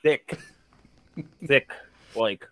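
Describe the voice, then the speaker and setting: A man's voice: very slow, no echo. A man from the American Midwest telling stories in casual podcast chat, swearing freely. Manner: swearing, animated storyteller. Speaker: podcast co-host.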